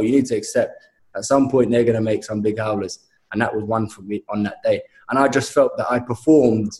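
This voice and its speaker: Young man, lively storyteller, casual chat, echoey room. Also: medium pitch. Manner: animated storytelling, says mate a lot. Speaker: guest telling a story.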